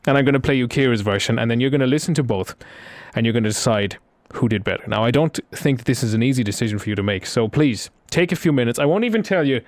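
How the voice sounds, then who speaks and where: A man's voice: medium pitch, expressive, fast talker, few pauses, no echo. A man hosting a radio show, chatting casually and teasing his co-host. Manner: playful, teasing.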